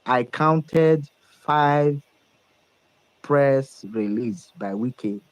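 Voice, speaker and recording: A man's voice: mid-range voice, extremely slow, clean tone, no echo, lo-fi sound. Nigerian man, political talk, dry close sound, emphatic predictions. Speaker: political commentator. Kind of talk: animated political commentary.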